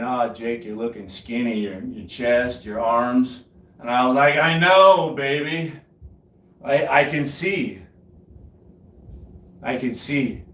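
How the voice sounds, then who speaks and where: Recorded from a distance in an echoey home gym with faint noise, a mid-range male voice tells casual stories. The streamer, in his late forties, brags about his cycling, swears liberally, and laughs at his own yarns.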